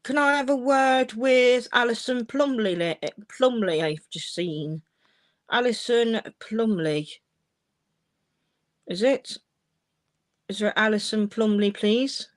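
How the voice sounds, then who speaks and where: A woman's voice: on the high side, slow, pauses often. Woman, medium, live stream reading, soothing, affectionate endearments. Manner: warm, reassuring, uses endearments like darling and my love.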